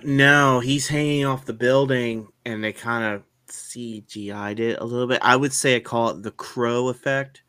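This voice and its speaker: Casting: bright, forward man, animated storyteller on a podcast. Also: medium pitch, moderate pace, hardly any pauses, smooth, dry recording, clean studio sound. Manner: animated, acts out quotes while telling. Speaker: podcast co-host. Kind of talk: casual movie review chat.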